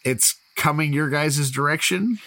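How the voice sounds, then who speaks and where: A man's voice: a little high, a little slow, bright, forceful tone, no echo, poor audio. A man narrating as game master of a tabletop role-playing game, joking and laughing with his players. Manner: laughing, teasing banter.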